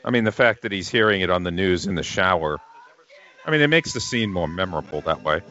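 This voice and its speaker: Guy riffing on a movie, lowish voice that swings around a lot, muffled audio. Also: expressive, fast talker, bright, forceful tone. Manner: joking, chuckling, rambling. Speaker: podcast co-host. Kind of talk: casual film commentary.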